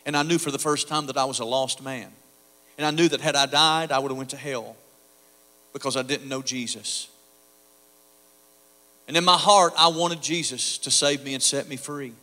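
Middle-aged guy preaching his testimony, bright sound, big hall echo. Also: a little high. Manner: quiet and confessional, building to fervent preaching. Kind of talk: testimony sermon. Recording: echoey hall reverb.

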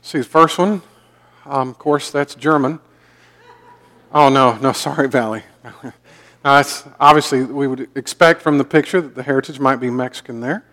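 This Southern pastor, his accent mild, jokes his way through a folksy sermon and repeats words often. He speaks at medium pitch and a moderate pace, pausing often, with a fairly bright tone. The church sanctuary gives the recording a long hall reverb.

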